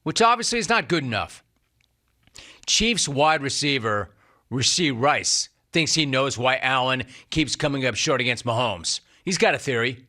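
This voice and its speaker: A man's voice: medium pitch, animated, normal speed, pushed and bright. A middle-aged man hosting a sports talk show, delivering an emphatic, sarcastic monologue and repeating lines for punch. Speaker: sports radio host.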